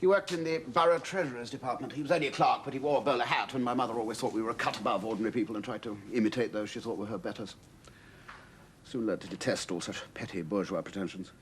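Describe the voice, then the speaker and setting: An actor playing a cynical middle-aged writer and war veteran, who talks in a measured, philosophical way. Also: male voice, mid-range voice, slight background noise, lightly acted. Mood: conversational. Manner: measured, world-weary, philosophical. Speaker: host sheltering a stranger.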